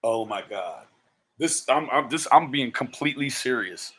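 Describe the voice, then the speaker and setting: An exasperated man doing live-stream commentary. He swears often and drags out his disbelieving exclamations. His pitch sits in the middle range for a man. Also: animated, moderate pace, fairly bright tone, breathy edge.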